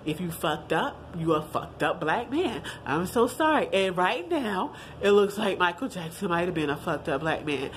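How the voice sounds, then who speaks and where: A woman's voice: lowish voice, moderate pace, few pauses, a little hiss or hum. A woman, giving her blunt, profane opinions in a casual vlog and talking straight to her viewers. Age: 30s. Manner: blunt, profane and animated, addressing viewers as y'all. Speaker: vlogger.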